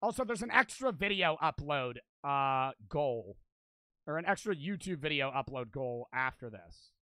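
Young male streamer, casual, profane, reading donations fast; high, bright, dry. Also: very animated, no echo. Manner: swears constantly, rattles off donor thanks. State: out of breath. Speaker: livestreamer. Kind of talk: casual charity livestream chat.

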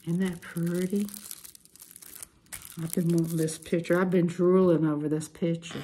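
Gushing woman, low voice. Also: slight background noise. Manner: gushing, excitable, drawn-out exclamations. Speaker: hobby vlogger. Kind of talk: casual chat to viewers.

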